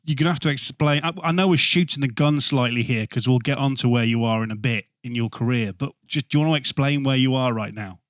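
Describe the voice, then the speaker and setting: A man's voice: medium pitch, fast talker, few pauses, no room sound, studio quality. A man hosting a podcast, asking questions in casual, friendly chat with frequent restarts. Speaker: podcast host, interviewer.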